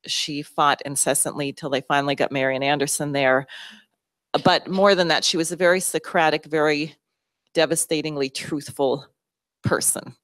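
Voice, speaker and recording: A woman addresses a town hall audience in a low voice. She comes across as intense and driven, restarting her sentences as she thinks aloud. The sound is dry and close. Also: fairly even intonation, moderate pace, fairly bright tone. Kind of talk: public talk to an audience.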